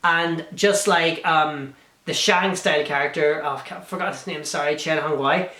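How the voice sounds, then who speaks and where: A man's voice: fairly high pitch, fairly even intonation, moderate pace, pushed and bright. A man giving a casual, enthusiastic spoken film review, gushing with frequent ums and restarts. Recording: roomy echo.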